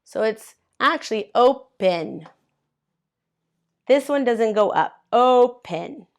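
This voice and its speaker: A woman's voice: a little high, lively intonation, slow. A woman teaching an English grammar lesson to learners, patiently spelling out letters and clapping out syllables. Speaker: ESL teacher. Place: at a board, writing in colors.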